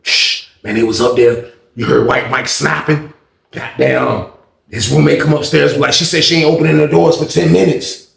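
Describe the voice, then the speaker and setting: A man telling a story in a casual, animated, profane way, full of repetition. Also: fairly high pitch, normal speed, gravelly, reverberant.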